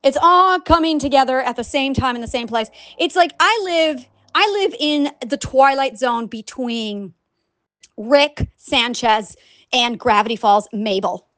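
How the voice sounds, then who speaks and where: A woman talking casually on her vlog in an animated, rambling way, swearing now and then and acting out other people's voices. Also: sits high, measured pace, no echo. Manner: animated and rambling, with frequent profanity; acts out quoted voices. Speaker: scientist and online writer. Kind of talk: casual unscripted vlog monologue.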